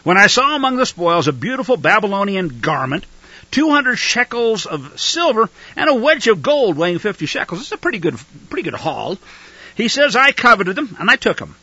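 A man delivers a fiery sermon in a bright, piercing voice pitched high for a man. His delivery is lively and wide-ranging, climbing into shouted outbursts. The sound is dry and close. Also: brisk, husky, no echo, highs cut off. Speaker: preacher.

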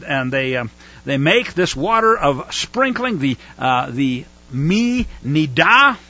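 Animated, bright-voiced man teaching scripture. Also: sits high, husky, dull audio. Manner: animated, acts out whining voices. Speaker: Torah teacher. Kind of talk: casual Bible study teaching.

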